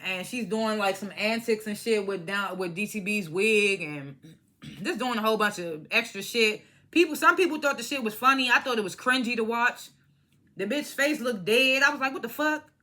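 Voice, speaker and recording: A woman's voice: medium pitch, lively intonation, normal speed, sharp tone. Blunt, cursing young woman reviewing reality TV. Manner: blunt, profane and opinionated, mimics cast members. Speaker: reality TV recap vlogger. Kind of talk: casual reality show review.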